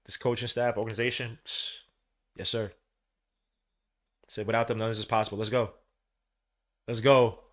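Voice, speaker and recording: New guy hosting a live game watch-along, bright voice, slangy, gets loud and hyped. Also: moderate pace, pauses often. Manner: excitable, swings from low mutters to loud cheering; casual slang, calls listeners bro and son. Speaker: podcast host.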